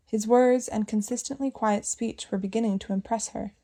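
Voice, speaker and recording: A woman narrating an audiobook in a measured, even storytelling manner. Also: medium pitch.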